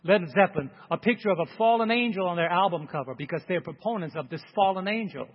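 A man preaching a sermon, calling for amens from the congregation and swinging from emphatic peaks to a quiet prayer. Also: sits high, fast talker, husky, long reverb tail, lo-fi sound. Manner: call-and-response, rising to emphatic peaks then praying softly.

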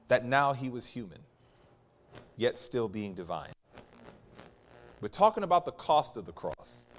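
A man preaching a sermon, questioning the congregation, reading scripture slowly and forcefully, and swinging between quiet asides and loud climaxes. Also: mid-range voice. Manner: questions the congregation and waits for replies.

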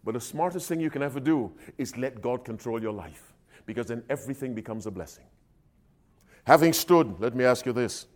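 Delivering a sermon in emphatic call-and-response fashion, a man alternates loud appeals with soft asides. His mid-range voice is animated and brisk.

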